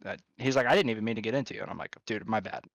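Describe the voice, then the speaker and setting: A man's voice: medium pitch, very fast, no echo, low-quality recording. A man hosting a casual podcast, rambling through a story and swearing freely.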